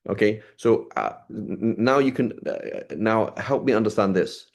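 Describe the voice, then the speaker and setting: A man's voice: fairly low pitch, sing-song, normal speed, vocal fry. A man teaching a religious class in a conversational way, often checking in with "right?" and explaining old texts in plain words. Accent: British English. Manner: conversational, asks "right?" often, reads Arabic then paraphrases. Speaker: Islamic studies teacher. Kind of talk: class lecture on a classical text.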